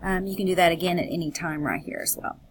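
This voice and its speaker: A woman's voice: lowish voice, steady tone, fast, slight background noise, poor audio. A woman teacher narrating a screencast tutorial in a chatty, upbeat way, thinking aloud as she clicks through steps.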